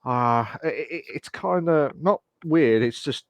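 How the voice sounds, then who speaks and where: A man's voice: a little high, takes it slowly, clean tone, dry recording. A man co-hosting a casual podcast, teasing and playful, often saying to be fair. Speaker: co-host.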